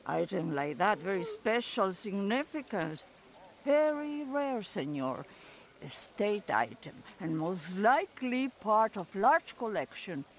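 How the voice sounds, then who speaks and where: Voicing a sly female insect merchant in a video game, an actress puts on a foreign lilt and stretches out a long sales pitch. Her delivery swings widely in pitch.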